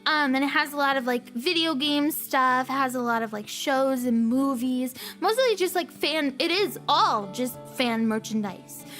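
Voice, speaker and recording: A young woman, telling stories in an animated, giggly way on a casual chat stream and acting out the people in them. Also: high voice, unhurried, hardly any pauses, faint music behind. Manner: animated storyteller, acts out voices and beeps; giggly, repeats lines for effect.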